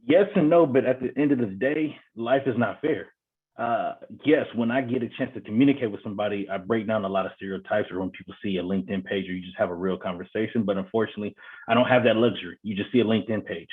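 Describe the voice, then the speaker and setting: A man's voice: fairly low pitch, fast, husky, narrow, tinny audio. A man speaking directly and emphatically as a panelist in a casual discussion. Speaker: panelist, company CEO.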